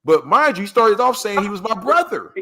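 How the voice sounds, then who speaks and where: Male storyteller from LA, fairly high voice, animated, acts out quotes. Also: fairly quick, gravelly. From Los Angeles. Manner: acts out quoted voices, slang-heavy, rhetorical asides. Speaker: guest storyteller. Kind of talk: animated storytelling in casual chat.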